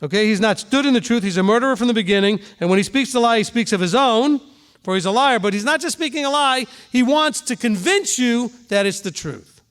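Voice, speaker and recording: A man with a notably high voice gives a sermon to his congregation in an easy, talking style. He stops now and then to check the room understands and throws in quick spoken examples. He sounds middle-aged and unhurried. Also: animated, fairly bright tone, clean tone. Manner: conversational preaching, asks the room questions, voices quick examples. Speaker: rabbi teaching a congregation.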